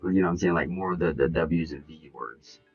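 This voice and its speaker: A man's voice: low-pitched, steady tone, fairly quick, creaky, breathy edge, lo-fi sound, soft background music. A man streaming a game, talking casually and repeating words as he tries them out. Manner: laid-back, repeats words while trying them out. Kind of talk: casual live-stream chat.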